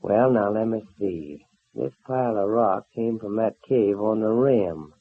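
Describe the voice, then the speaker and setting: Casting: a teasing young cowboy, husky low voice, old tinny radio serial. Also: male voice, a little slow. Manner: folksy cowboy talk. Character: easygoing young male cowboy hero, teasing. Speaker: radio drama actor. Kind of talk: 1930s radio serial acting. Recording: old narrow-band radio transfer.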